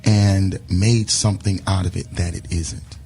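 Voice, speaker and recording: A middle-aged man, a bishop, answering interview questions in a measured, conciliatory way. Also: low-pitched, fairly even intonation, gravelly, warm tone, breathy edge, soft background music. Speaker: bishop and pastor.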